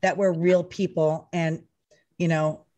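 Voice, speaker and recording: A woman co-hosting a chat show, speaking in a warmly supportive, affirming way. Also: fairly low pitch, little pitch movement, takes it slowly, dull audio. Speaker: podcast co-host. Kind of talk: casual chat.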